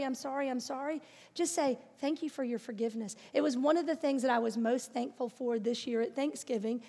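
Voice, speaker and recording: A woman with a bright, high voice preaches to her congregation, earnest and encouraging, and now and then she slips in a playful aside. She sounds middle-aged, and her words ring out with the long reverb of a large hall. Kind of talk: sermon.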